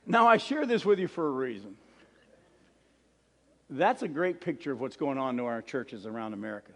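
Storytelling pastor in a reverberant hall. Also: male voice, medium pitch, moderate pace. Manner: storytelling, animated voices in the joke, then earnest prayer. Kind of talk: sermon with a joke and prayer. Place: church hall with a congregation.

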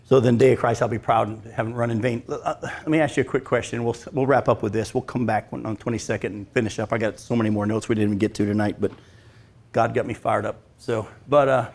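A man preaching a sermon as pastor, acting out scripture lines and asking the congregation questions. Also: medium pitch. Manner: animated, acts out scripture lines, talks with congregation.

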